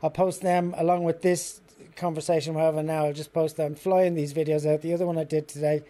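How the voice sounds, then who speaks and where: Irish male host, hesitant and stammering, relaxed mellow tone. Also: fairly high pitch, a little fast. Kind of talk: casual phone chat.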